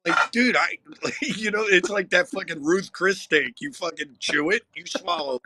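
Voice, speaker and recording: Bright, animated rock singer telling stories. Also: male voice, high-pitched, normal speed, breathy edge. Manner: animated, profane, wry anecdotes. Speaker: rock singer, podcast guest. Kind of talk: casual storytelling.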